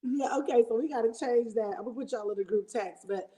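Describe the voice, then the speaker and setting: Mellow-voiced woman guest on a livestream. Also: fairly high pitch, quick pace, rough recording. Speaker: guest co-host. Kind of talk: casual livestream chat.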